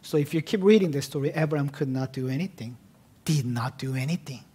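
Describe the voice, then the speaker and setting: A man, a pastor, preaching an expository sermon, moving between casual asides and emphatic declarations that fall to hushed tones. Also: mid-range voice, a little fast, slightly rough. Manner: emphatic, swings from loud declarations to hushed near-whispers; conversational asides amid teaching.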